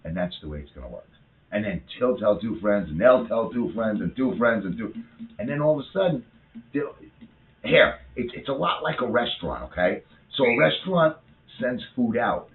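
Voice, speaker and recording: A man's voice: on the low side, expressive. A man in his fifties in a rambling, swearing casual chat about politics. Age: 50s. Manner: rambling, swearing, quick to rant. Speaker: co-host. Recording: echoey room on a tinny phone-like line.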